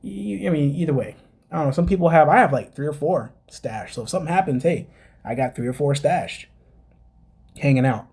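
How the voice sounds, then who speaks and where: A man's voice: a little high, fairly quick, gravelly, a little mellow, husky. A man hosting a casual podcast, chatting through a reality show recap, laughing and talking to his listeners. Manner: chatty, laughs at own jokes, addresses listeners as guys.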